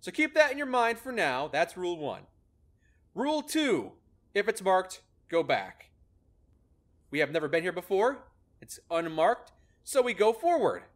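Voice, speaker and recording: Lively high-voiced man explaining gameplay. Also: unhurried. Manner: explanatory, upbeat, laughs often. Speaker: host explaining a maze algorithm in a game. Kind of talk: casual gameplay commentary.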